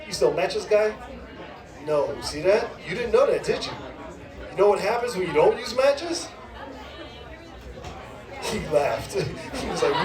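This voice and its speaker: A brash, profane comedy host with a fairly high voice teases the crowd between bits. He is heard from a distance through an echoey club room, with the audience loud around him. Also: big pitch swings, a little slow, pauses often. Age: middle-aged. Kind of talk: stand-up crowd work.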